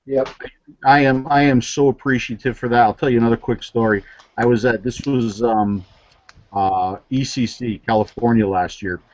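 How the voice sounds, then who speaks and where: A man's voice: medium pitch, fairly even intonation, normal speed, darkish tone, dull audio. Earnest man from New Jersey. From New Jersey, USA. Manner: earnest, many fillers and restarts. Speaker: guest vaping reviewer. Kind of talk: casual chat, storytelling.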